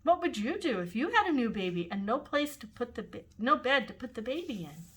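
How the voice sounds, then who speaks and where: A woman's voice: a little high, a little fast, slightly rough. Grandmother as a patient storybook mother. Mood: explaining. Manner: calm, explaining. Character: patient gentle mother reading scripture.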